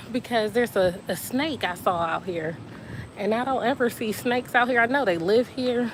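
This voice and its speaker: A woman's voice: on the high side, animated, measured pace, background noise. A woman live-streaming outdoors by a beach, out of breath and chatting straight to her viewers on a phone. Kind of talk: casual live-stream chat.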